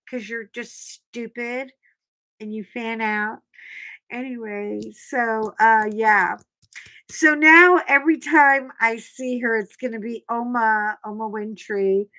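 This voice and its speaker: A middle-aged woman telling stories to her livestream viewers in a slow, unhurried way. Her voice sits a little high, and she jumps into loud shrieks when she acts out her own lines. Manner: animated storyteller, shrieks when quoting herself. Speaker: livestream host. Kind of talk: casual chat to live viewers.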